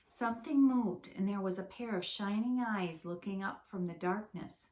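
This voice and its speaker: A woman teacher reading a storybook aloud to young children in a slow, clear, expressive way. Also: mid-range voice. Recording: roomy echo.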